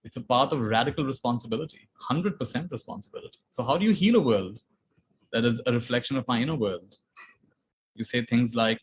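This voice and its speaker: A man giving a calm spiritual talk, repeating phrases gently and sometimes laughing softly. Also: mid-range voice, fast, breathy edge, rough recording. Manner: calm, repetitive, gently emphatic, soft laughs. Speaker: spiritual teacher. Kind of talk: talk to an online audience.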